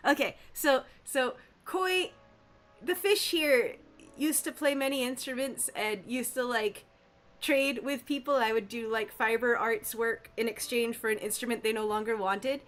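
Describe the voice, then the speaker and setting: A woman streaming a game live, chatting casually and playfully with her viewers and reacting loudly to their messages. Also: fairly high pitch, unhurried. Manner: animated, playful, reacting to chat.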